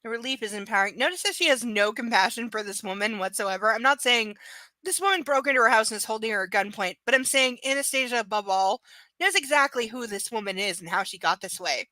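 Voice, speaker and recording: A woman hosts a live novel reading and keeps stopping to give blunt, sarcastic opinions with casual swearing. Her voice is bright and sits a little high. The sound is dry and close to the mic. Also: lively intonation, fairly quick, no echo. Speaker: host reading a novel aloud.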